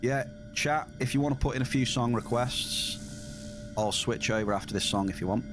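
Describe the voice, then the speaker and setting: With music in the background, a man streams a game and keeps up casual chatter aimed right at his chat. His voice is mid-range and his speed is normal.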